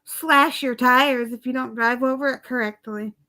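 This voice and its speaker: A man's voice: very high voice, steady tone, normal speed, pushed and bright, full character voice. A woman voicing a stern male military base night guard who gives bossy warnings. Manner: bossy, threatening.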